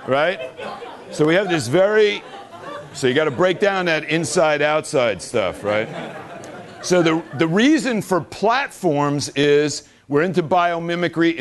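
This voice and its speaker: Joking, animated man giving a talk. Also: fairly high pitch. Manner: joking, animated, laughs with the audience. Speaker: speaker at a business event. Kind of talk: casual public talk.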